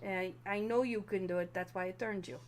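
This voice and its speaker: Female game master, lively tabletop narration, slight background hum. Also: mid-range voice, fairly quick.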